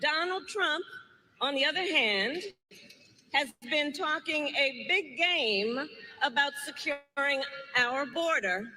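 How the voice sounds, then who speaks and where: A woman giving a campaign speech in a slow, deliberate way. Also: high-pitched, pushed and bright, big-room sound, slight background noise, rough recording. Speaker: political speaker.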